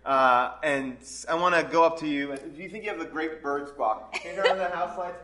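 A man's voice: a little high, a little fast, pushed and bright. A man hosting a live comedy movie review show, joking with the audience and laughing often.

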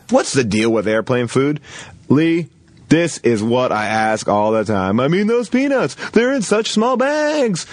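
A man's voice: a bit bright, no room sound. A man hosting a comedic question-and-answer segment, joking and sarcastic, reading out listener questions and mangling their names. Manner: joking, sarcastic, with sudden swings of pitch. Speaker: podcast host.

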